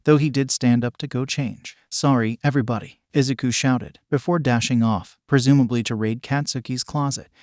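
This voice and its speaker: A man reading fanfiction aloud in an even, flat scripted narration. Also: medium pitch, normal speed, few pauses, no echo, studio quality.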